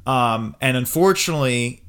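Measured man steering a podcast chat. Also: medium pitch, lively intonation, a bit bright, clean tone. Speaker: podcast co-host. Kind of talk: casual political chat.

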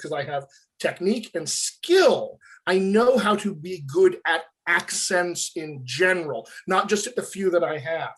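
A man's voice: high-pitched, sing-song, normal speed. Enthusiastic male dialect coach. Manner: enthusiastic, addresses listeners as "my friends". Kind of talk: interview answers.

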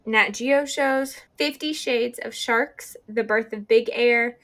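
A woman's voice: a little high, takes it slowly, fairly bright tone. A young woman hosting a casual podcast, chatty with lots of fillers, running through a list of upcoming releases. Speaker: podcast host.

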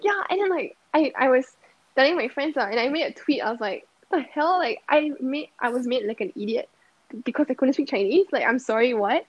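A young woman from Singapore with a Singaporean English accent, chatting as a podcast guest and telling animated stories with lots of laughter and fillers. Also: high voice, brisk, slightly rough, dry recording, lo-fi sound. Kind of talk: casual chat, storytelling.

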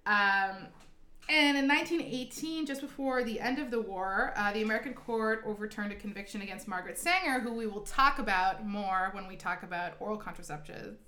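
A woman's voice: mid-range voice, a little fast, pushed and bright. A young woman co-hosting a casual history podcast, reading out facts with asides and laughing easily. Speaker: podcast co-host. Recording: echoey room.

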